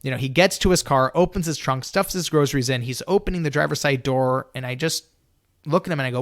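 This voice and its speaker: A young man telling a personal story in a lively, animated way, acting out his younger self and often saying "you know". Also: fast talker, no echo, studio quality. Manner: lively, acts out his own younger self in a high excited voice; peppers speech with "you know". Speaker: storyteller guest.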